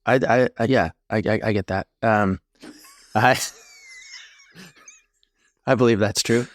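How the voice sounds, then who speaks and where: A man's voice: fairly low pitch, fairly even intonation, takes it slowly. A man co-hosting a relationship podcast, telling a story in rambling casual chat with tangents. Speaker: podcast co-host, therapist.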